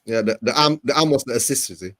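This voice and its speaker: A man in a casual football chat, jokey and animated, spinning theories. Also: medium pitch, fast talker, dry recording, clean studio sound.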